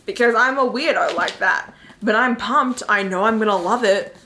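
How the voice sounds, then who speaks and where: A woman talking casually to camera as a book vlogger, chatty and excitable, filling her talk with fillers. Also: medium pitch, normal speed, a little hiss or hum. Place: home in New York.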